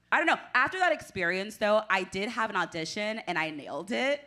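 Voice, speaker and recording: Bright-voiced woman doing stand-up. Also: mid-range voice, expressive, moderate pace, a little hiss or hum. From Washington, D.C. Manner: self-deprecating, chatty, laughs between jokes. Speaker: stand-up comedian. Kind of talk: stand-up comedy set. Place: small club stage with audience.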